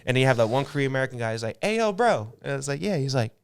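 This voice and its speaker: A man's voice: mid-range voice, fairly even intonation, racing, vocal fry, clean tone, dry recording, studio quality. A man in his twenties chatting casually as a podcast guest, laid-back and rambling with lots of fillers. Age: 20s. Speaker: podcast guest, clothing designer. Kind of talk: casual chat.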